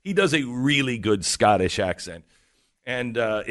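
A man's voice: medium pitch, animated, a little slow, fairly bright tone, no echo, studio quality. A middle-aged man hosting a talk radio show, telling a story and acting out the quotes as he goes.

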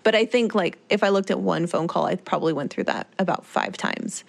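A woman travel agent talks through her story in a lively, chatty podcast style. Her voice sits a bit low and carries a gravelly vocal fry. She keeps the conversation animated and casual. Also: brisk.

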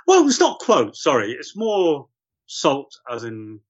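A man's voice: on the high side, huge pitch swings, takes it slowly, dull audio. A man, a podcast guest, chatting casually about football and pressing his point insistently.

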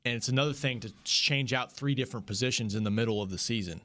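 Man, radio host, measured delivery, mid-pitch, takes calls. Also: bright, forceful tone. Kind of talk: casual sports talk.

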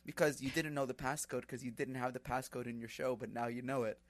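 A man's voice: mid-range voice, steady tone, quick pace, dry recording. A man co-hosting a podcast over a video call, chatting casually, joking around and hyping things up. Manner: playful, jokey, hypes things up. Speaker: podcast co-host.

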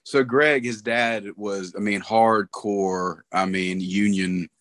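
A man's voice: fairly low pitch, fairly even intonation, takes it slowly, a bit bright, no echo. A middle-aged man talking casually about a late friend, rambling with lots of fillers. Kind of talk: casual conversation.

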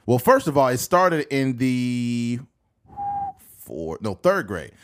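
A man from California hosting a podcast, telling stories in a profane, animated way. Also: mid-range voice, slow. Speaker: podcast host. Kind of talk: casual podcast chat.

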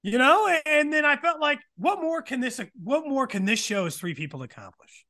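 A man's voice: very high voice, moderate pace. A man in his thirties, a departing podcast co-host, chatting casually and laughing at himself. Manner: laughing, self-deprecating, lively. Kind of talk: casual banter.

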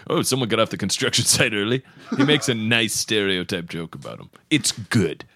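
A man playing a brash, crude poker player in an improvised comedy podcast, joking loudly and shouting now and then. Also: lowish voice, lively intonation, normal speed, exaggerated voice. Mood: amused.

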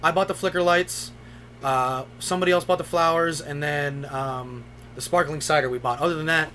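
A man's voice: on the high side, steady tone, moderate pace, pushed and bright, a little hiss or hum. A young man co-hosting a podcast, telling stories in a loose, profane way. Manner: loose, profane storytelling with laughs. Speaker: podcast co-host. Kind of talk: casual chat.

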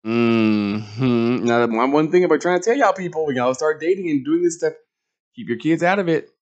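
A young adult man hosting a reality TV recap, talking in a sassy, campy, animated way with big swings in pitch. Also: normal speed, highs cut off. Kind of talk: casual recap monologue.

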